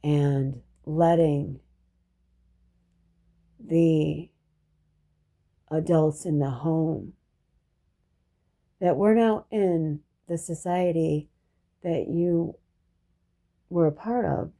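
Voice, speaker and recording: A woman with a low, gravelly voice and a very dark, mellow tone tells a personal story in a casual monologue. She rambles and reflects, often restarting her sentences and tossing in profane asides. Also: extremely slow, long pauses.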